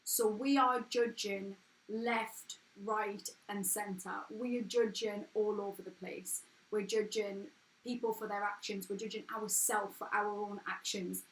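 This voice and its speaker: A woman in her thirties with an everyday, non-posh English accent hosts a casual motivational live stream from home in an echoey room. Her mid-range voice is fairly even and unhurried as she talks frankly, earnestly and chattily.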